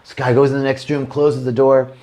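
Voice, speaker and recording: A man's voice: medium pitch, flat delivery, quick pace, warm tone. A man telling jokes live to an online audience in a loose, rambling way. He restarts his sentences, trails off, and laughs at his own punchlines as he goes. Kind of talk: casual joke-telling on a livestream.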